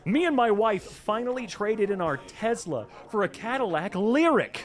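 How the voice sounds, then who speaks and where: Male streamer, slightly high voice, very lively delivery, sarcastic and foul-mouthed reaction chatter. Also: normal speed. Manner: animated, swearing, sarcastic asides. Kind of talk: casual reaction commentary.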